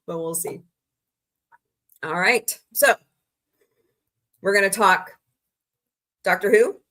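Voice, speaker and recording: A woman's voice: mid-range voice, big pitch swings, very slow, pauses often, a bit bright. A woman from Missouri hosting a casual live stream, chatty and rambling with frank asides to her viewers. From Missouri, USA. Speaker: livestream host.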